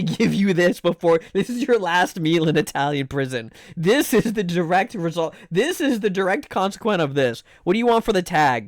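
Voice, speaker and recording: A male streamer bantering with chat during a game, his pitch swooping all over as he plays at being outraged. He stumbles and repeats himself as he talks. The voice sounds close and dry, with no room around it. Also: dry recording. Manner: animated, playfully indignant, bantering with chat; stammers and repeats words often. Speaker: live streamer. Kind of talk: casual live-stream chat while gaming.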